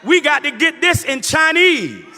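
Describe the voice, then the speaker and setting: A man's voice: very high voice, very animated, measured pace, sharp tone. A middle-aged male minister delivering a sermon, preaching with passion and calling out to his congregation. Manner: impassioned preaching with call-and-response asides. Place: large hall before a congregation. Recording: reverberant hall with faint crowd.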